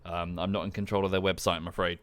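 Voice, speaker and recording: A man's voice: deep voice, level tone, fast talker. A man giving casual, dry, self-deprecating commentary while livestreaming a game, often muttering to himself. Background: game music.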